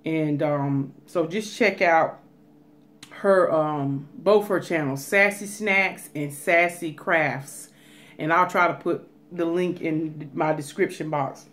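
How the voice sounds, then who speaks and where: A talkative woman chatting to her viewers in a vlog. Her voice sits a little low for a woman. She turns animated and breaks into soft whispers now and then. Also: slow pace. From Atlanta, USA. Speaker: mukbang vlogger. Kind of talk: casual chat to viewers.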